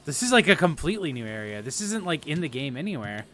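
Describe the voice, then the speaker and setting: A man's voice: a little high, sing-song, fast, sharp tone. Young man, streamer, casual game commentary, rambling, swears a lot, faint background noise.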